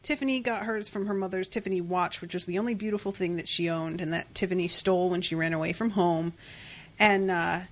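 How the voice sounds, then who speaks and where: A woman co-hosting a casual podcast chat about comics, animated and laughing often as she retells scenes. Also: lowish voice, a little fast. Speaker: podcast co-host.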